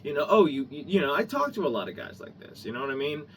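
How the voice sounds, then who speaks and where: A man's voice: on the high side, big pitch swings, fast talker, a bit bright. Man, vlogger, angry rant, profane, rambling, distant mic, faint background hum.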